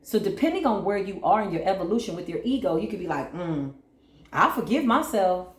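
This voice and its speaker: A woman's voice: mid-range voice, expressive, quick pace, dark tone. Soothing woman tarot reader, echoey room. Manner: soothing, repetitive, often asks "right?". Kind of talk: channel tarot reading.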